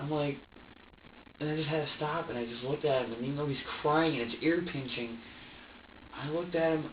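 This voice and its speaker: A man being questioned in a police interview room, speaking in halting bursts, stumbling over his own restarts, emotional and strained. The recording is dull and lo-fi, with his voice sitting far from the mic in a roomy, echoing space. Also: on the high side, background noise. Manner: halting and repetitive, restarting sentences, quoting himself.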